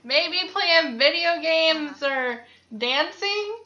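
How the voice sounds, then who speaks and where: A woman's voice: very high voice, expressive, drawn-out words, bright, forceful tone, far from the mic, muffled recording, exaggerated voice. A woman voicing a young bachelorette contestant who answers in a casual, offhand way.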